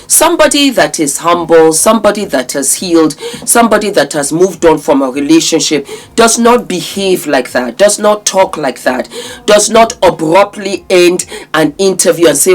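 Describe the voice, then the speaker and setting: A woman's voice: fairly low pitch, expressive, normal speed. A woman hosting a commentary vlog, talking emphatically and calling her viewers darlings. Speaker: commentary channel host.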